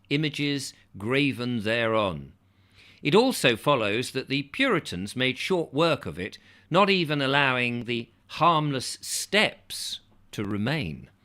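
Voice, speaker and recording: Lively man reading with chatty asides. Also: mid-range voice. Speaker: audiobook reader. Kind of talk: reading a travel book aloud with casual asides. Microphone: close microphone, near overload.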